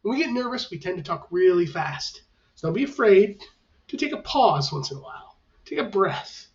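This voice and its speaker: A man's voice: high voice, very animated, moderate pace. A male teacher giving instructions to his class on camera in a reassuring, conversational way. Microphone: camera facing the speaker. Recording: dull, lo-fi, mic at a distance.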